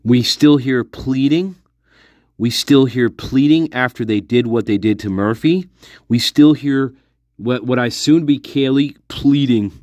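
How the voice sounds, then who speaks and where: A man's voice: medium pitch, a little slow, darkish tone, no echo, clean studio sound. A man talking to his viewers in a casual monologue, speculating intensely, repeating himself and swearing often. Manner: intense, repetitive, profane speculation. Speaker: online commentator.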